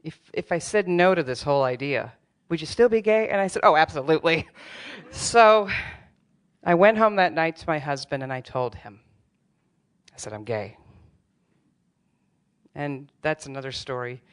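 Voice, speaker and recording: On a theater stage before a live audience, a middle-aged woman tells a true personal story, candid and wry, with self-deprecating humor. Her deep, clear, resonant voice moves at a moderate pace with long pauses.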